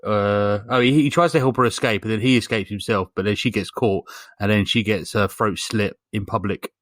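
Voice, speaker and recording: A man's voice: on the low side, fairly even intonation, a little fast, a bit bright, no echo, studio quality. A man co-hosting a podcast, casually retelling a film's plot with lots of ums, asides and swearing. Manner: rambling storyteller with lots of fillers and swearing. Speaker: podcast co-host. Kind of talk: casual comedic film recap.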